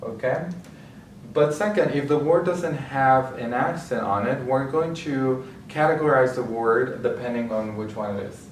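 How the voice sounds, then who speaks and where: A male Spanish teacher giving a slow, explanatory lecture with frequent restarts. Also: medium pitch, slight background noise. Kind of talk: classroom-style lecture. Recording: roomy and distant with faint ambience.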